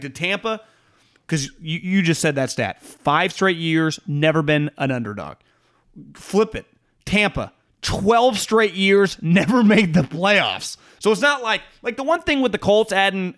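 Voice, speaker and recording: Guy on a sports podcast, kinda high voice that jumps all over, rambly and laughing, swears a lot. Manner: animated, rambling, swears freely, laughs often. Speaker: sports betting podcast co-host. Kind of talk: casual sports chat.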